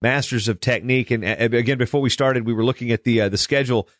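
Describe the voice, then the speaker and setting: A man's voice: mid-range voice, fast talker, no echo, studio quality. A man hosting a conversational interview, telling rambling stories in a chatty way. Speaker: podcast host.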